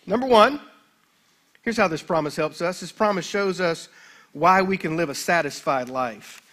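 Bright, high-voiced man preaching a sermon. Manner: emphatic preaching, slows right down to read scripture. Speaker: pastor. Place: church sanctuary.

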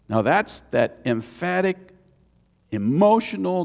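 A man's voice: a little high, sing-song, unhurried, gravelly, a little mellow. A man preaching a sermon as a pastor, conversational, with chatty asides between points. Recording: long reverb of a church hall.

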